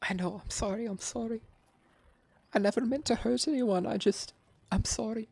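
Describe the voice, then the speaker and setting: A man voicing a guilt-stricken villager who sobs and rambles out apologies, high and strained above his own voice. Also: normal speed, gravelly, darkish tone, slightly rough, dry recording, exaggerated voice. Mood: sobbing apology. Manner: pleading, rambling, choked.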